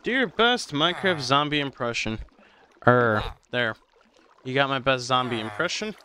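A man live-streaming a game, chatting casually with viewers in a slow, drowsy, rambling way because he is tired. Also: medium pitch, animated, pushed and bright, a little hiss or hum. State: tired, medicated.

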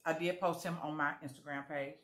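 Bright-voiced woman chatting over food. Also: sits low, steady tone, a little fast. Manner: chatty, addresses viewers as y'all, savoring sounds between bites. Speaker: food vlogger tasting jellies. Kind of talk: casual food-tasting vlog chat.

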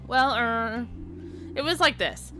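A woman's voice: fairly high pitch, slow pace, pushed and bright, faint music behind. A woman voicing a young girl patient who eagerly rambles about her skateboard and what happened at the skate park. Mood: sheepish.

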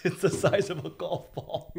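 A man's voice: fairly high pitch, measured pace, gravelly, a little mellow, a little hiss or hum. A man co-hosting a comedy podcast, reading questions and teasing in casual chat. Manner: teasing, reads listener questions. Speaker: podcast co-host.

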